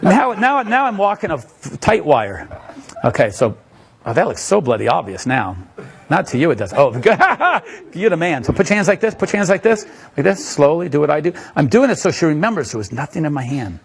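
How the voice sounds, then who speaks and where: A man's voice: a little high, big pitch swings, a little fast, breathy edge. A man giving a live magic lecture, playful and joking with the audience as he demonstrates tricks.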